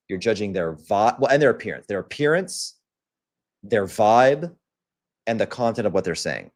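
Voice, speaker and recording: A young man hosting a livestream, talking bluntly and crudely in a casual rant, often acting out the lines of other people. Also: on the low side. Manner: blunt and profane, acts out quoted lines. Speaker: livestream host.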